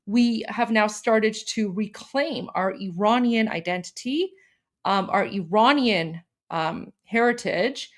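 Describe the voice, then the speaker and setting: A woman's voice: medium pitch, takes it slowly. A woman from Iran, hosting and chatting casually with many fillers. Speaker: host. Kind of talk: casual introduction.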